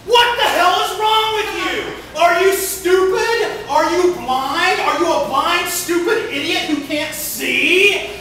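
Man doing a hothead rookie pitcher: yelling, high-pitched insults; noisy distant room mic. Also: slow pace, few pauses, very echoey, heavily acted. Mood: furious. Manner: shouting, ranting insults. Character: hotheaded young male rookie pitcher, raging.

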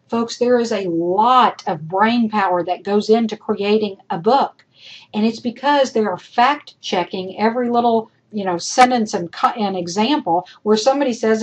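A woman's voice: on the high side, normal speed, darkish tone, breathy edge, rough recording. A woman instructor recording spoken feedback for her students, emphatic and repetitive, calling them folks as she works through points. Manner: emphatic, repeats points, addresses class as folks. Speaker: college instructor.

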